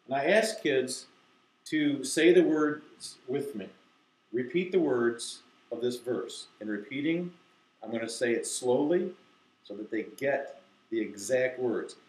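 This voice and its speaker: A man explaining to teachers how to teach a verse to children, acting out slow, deliberate recitation. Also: medium pitch, animated, a little mellow, roomy sound, rough recording. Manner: demonstrates, reciting key phrases slowly and deliberately. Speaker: Bible teacher. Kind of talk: instructional talk to teachers.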